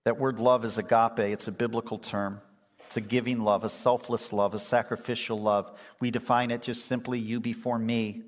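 Pastor preaching in a reverberant hall. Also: male voice, medium pitch, level tone, normal speed. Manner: conversational, humorous storytelling. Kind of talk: sermon.

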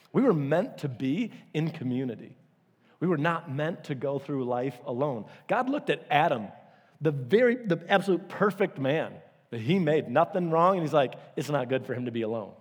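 A man preaching a sermon as a pastor, telling stories with lively, acted-out quotes and sudden jumps in pitch. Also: moderate pace, breathy edge. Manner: animated storytelling, acting out quotes with big pitch jumps. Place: church auditorium. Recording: long hall reverb.

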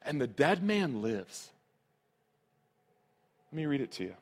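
A man's voice: mid-range voice, very animated, measured pace. Earnest man preaching a sermon. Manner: earnest, emphatic, repeats key phrases. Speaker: pastor.

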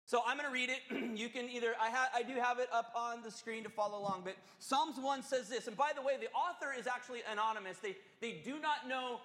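A male pastor preaching a sermon, telling a story in an animated, conversational and earnest way. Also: very high-pitched, fast talker, hardly any pauses. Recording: echoey hall.

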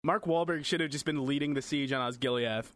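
A man's voice: medium pitch, brisk, a bit bright, no echo, clean studio sound. A man co-hosting a podcast in casual chat, joking and laughing often. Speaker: podcast co-host.

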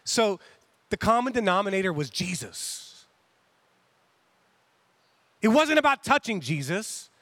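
A man preaching a sermon in a casual, conversational way, acting out quotes with animated asides. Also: high-pitched, a little slow, long pauses, no room sound. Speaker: pastor.

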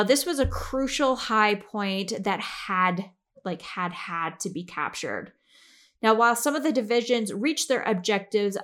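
A woman's voice: mid-range voice, a bit bright. Woman podcast host chatting through a history recap, lots of ums and little laughs. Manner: chatty, giggles often, many fillers.

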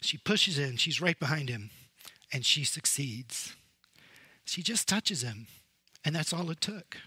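Brief: male preacher, high and bright, slow, dramatic sermon delivery. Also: husky, no echo. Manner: animated storytelling, swings from loud emphasis to hushed. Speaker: pastor.

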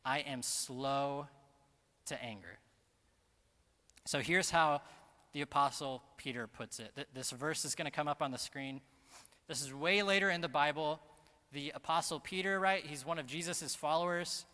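A man preaching a sermon as pastor, earnest and emphatic, slowing down to stress key phrases. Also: fairly high pitch, pushed and bright. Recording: long reverb of a large hall.

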